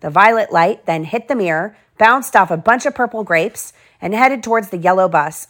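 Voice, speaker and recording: At home, a mother reads a children's picture book aloud, slowly and clearly, adding little asides to her kids. Her voice sits at a medium pitch with a fairly bright tone.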